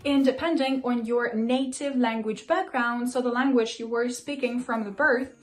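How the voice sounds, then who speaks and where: High-voiced teen girl vlogger. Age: teens. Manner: chatty, loose, with fillers like "basically". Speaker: language vlogger. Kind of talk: casual talk to camera.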